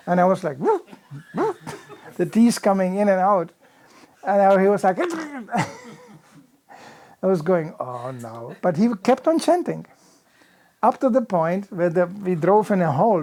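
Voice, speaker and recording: In a temple hall, an older visiting preacher with a high voice spins a vivid anecdote as a storytelling sermon. His lively, loose, conversational telling is peppered with "you know" asides, and he acts out the bumps and noises he describes.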